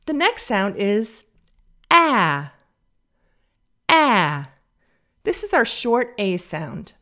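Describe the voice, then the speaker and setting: A woman teaching pronunciation on a podcast, slowly modeling vowel sounds and example words for listeners to repeat. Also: on the high side, sing-song. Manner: slow, careful, drawn-out modeling of vowel sounds.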